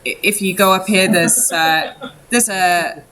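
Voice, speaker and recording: A woman's voice: on the low side, unhurried, crowd noise. A woman game master narrating a tabletop game in a chatty way with many fillers. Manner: chatty, lots of fillers and restarts.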